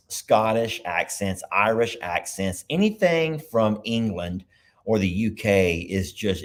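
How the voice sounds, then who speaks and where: A man hosting a casual livestream from his computer, chatting loosely and thinking out loud as he goes. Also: lowish voice. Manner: rambling, chatty, thinks aloud. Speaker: livestream host. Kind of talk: casual live chat.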